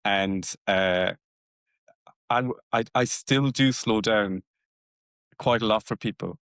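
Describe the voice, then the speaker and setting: A Cork man with a Cork Irish accent co-hosts a podcast, chatting casually and reflectively while often restarting his words. His voice is fairly low and a bit bright, his pace slow, and the studio sound is clean with no echo.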